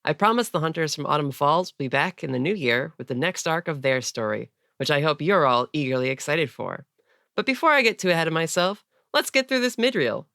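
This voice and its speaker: A woman's voice: low voice, lively intonation, a little fast, gravelly, dry recording, studio quality. A woman hosting a podcast, thanking listeners gratefully during a mid-show segment. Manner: warm, grateful addressing of listeners. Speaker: podcast host.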